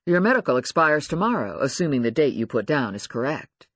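A man's voice: medium pitch, big pitch swings, fairly quick, a bit bright, breathy edge, no room sound, clean studio sound. A man voicing a manipulative male doctor who lectures and presses his patient in an audiobook. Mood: stern. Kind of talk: audiobook character voice.

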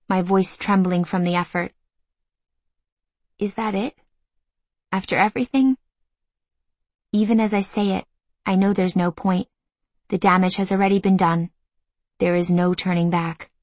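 A woman narrating a first-person audiobook in an intimate, emotional, measured way. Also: on the low side, dry recording.

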